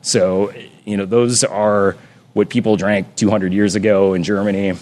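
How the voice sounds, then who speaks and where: A man's voice: lowish voice, level tone, normal speed, a little mellow. A man talking as a brewer, rambling and correcting himself as he explains his beers at length. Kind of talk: casual podcast chat.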